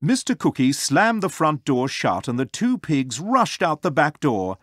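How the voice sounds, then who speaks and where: A storybook narrator reading a children's tale aloud in an expressive, sing-song way. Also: medium pitch, measured pace, dry recording, studio quality.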